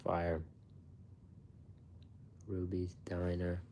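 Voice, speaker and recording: Low-voiced man in rambling, profane chat. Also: monotone, very slow, warm tone, a little hiss or hum. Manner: rambling and profane, laughs often, many fillers. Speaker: food channel host. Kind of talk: casual live-stream chat with viewers.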